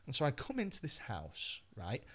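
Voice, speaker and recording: Guy telling a story on a podcast, swears a lot, bright voice, pitch jumps all over. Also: moderate pace, breathy edge. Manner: animated, expletive-laden, acts out voices. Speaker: comedian guest.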